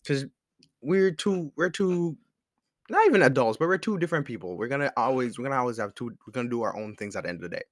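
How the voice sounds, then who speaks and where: A man's voice: medium pitch, animated, fast, no echo, studio quality. Rambling young man telling a story. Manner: rambling, laid-back, swears freely, laughs often. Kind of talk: casual storytime vlog. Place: at home at a desk with a laptop.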